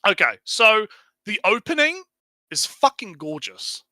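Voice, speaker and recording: Stream co-host: high, bright man, animated, swears freely, acts out characters mid-recap. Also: a little slow, no room sound, rough recording. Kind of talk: casual chat, recapping an anime.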